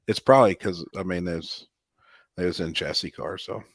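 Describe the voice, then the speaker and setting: A man's voice: deep voice, normal speed, no echo, studio quality. A man hosting a casual chat about racing, laid-back and drawling. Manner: laid-back, drawling, says "I think" often.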